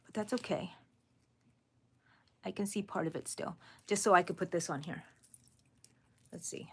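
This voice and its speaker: A woman hosting a live crochet stream, chatting casually with viewers while she works and counting her stitches out loud. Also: on the high side. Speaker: crochet channel host. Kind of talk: live crochet tutorial chat.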